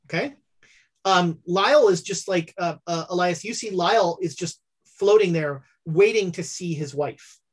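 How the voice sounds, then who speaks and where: A game master narrating a tabletop horror game, halting and full of fillers. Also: mid-range voice, slightly rough.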